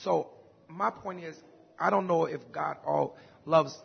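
Man, very raspy gravelly voice, halting speech, echoey muffled room. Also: a little high. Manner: halting, many restarts. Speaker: class participant. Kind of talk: class discussion comment.

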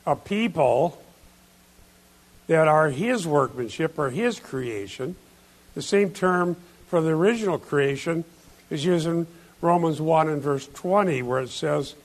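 Man preaching a sermon, slow deliberate delivery, gravelly edge, slightly higher voice, emphatic. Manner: emphatic, explains Greek word order and scripture. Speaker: pastor. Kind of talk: expository sermon.

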